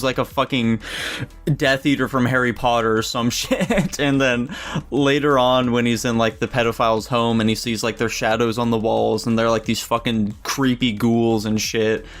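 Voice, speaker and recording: A man co-hosting a casual movie review podcast, swearing freely as he praises scenes he liked. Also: medium pitch. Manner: loose and profane, enthusiastic. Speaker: podcast co-host.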